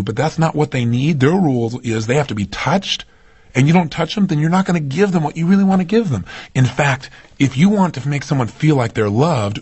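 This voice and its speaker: A man's voice: mid-range voice, a little mellow, husky. A man giving an emphatic motivational seminar talk, often putting rhetorical questions to his audience. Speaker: motivational speaker.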